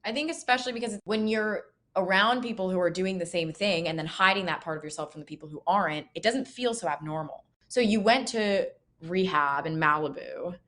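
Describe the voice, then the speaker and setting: Woman, podcast host, casual interview, lowish pitch, bright sharp tone, follow-up questions. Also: a little fast, few pauses. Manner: conversational, asks follow-up questions.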